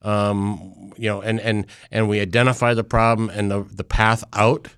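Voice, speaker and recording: A man from an IT firm talks as a guest in a relaxed way, poking fun at himself as he goes. His voice sits low, and the studio sound is dry. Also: moderate pace, smooth, dry recording. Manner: affable, self-deprecating, with frequent restarts. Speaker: IT company executive guest. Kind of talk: casual radio interview.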